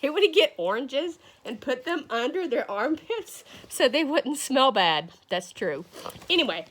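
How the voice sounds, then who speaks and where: A school coach, a woman, reading a picture book aloud to young children, animated and calling on them by name. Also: sits high, normal speed. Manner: animated, calls children by name, playful asides.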